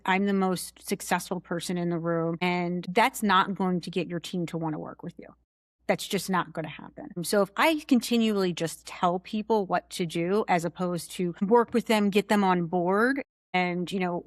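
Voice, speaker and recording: Candid woman guest, young adult, lower register, close dry studio mic. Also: no echo. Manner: candid, animated storyteller. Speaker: guest, chief financial officer. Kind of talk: casual interview chat.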